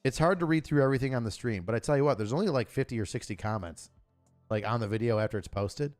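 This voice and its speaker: A man hosting his own live stream, talking casually in a loud, crude, joking and rambling way. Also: mid-range voice, quick pace, faint music behind. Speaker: channel host.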